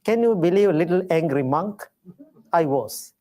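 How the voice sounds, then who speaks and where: A man, a Buddhist monk, giving a dharma talk in gentle storytelling with simple, repeated phrases. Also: fairly high pitch, expressive, normal speed. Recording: live talk to an audience.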